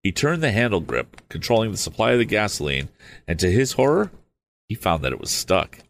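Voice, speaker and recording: A man's voice: lowish voice, very animated, fairly quick, creaky, a little hiss or hum. A man reading an old novel aloud, stopping for hesitant, apologetic asides. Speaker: audiobook reader.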